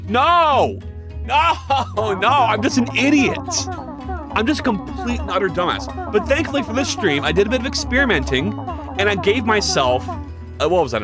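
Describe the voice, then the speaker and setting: A game developer with a mid-range voice chats casually on a livestream. He's excitable and self-deprecating, swears freely, and greets viewers by name.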